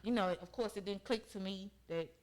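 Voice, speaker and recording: A woman's voice: mid-range voice, a little fast, crowd noise, poor audio. A young woman talking as a podcast guest, telling a personal story in an earnest, emphatic way and often checking in with her listeners. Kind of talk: conversational storytelling.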